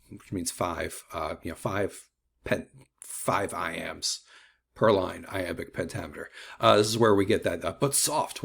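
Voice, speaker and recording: A man with a somewhat low voice talks through a short lecture as a teacher. His delivery is loose and conversational, full of fillers and self-corrections. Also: vocal fry, fairly bright tone. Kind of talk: unscripted mini lecture.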